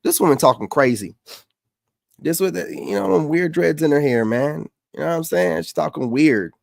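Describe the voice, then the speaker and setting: A man's voice: on the high side, moderate pace, vocal fry, no room sound, clean studio sound. A man hosting a reaction commentary, mocking and dismissive as he talks back at clips.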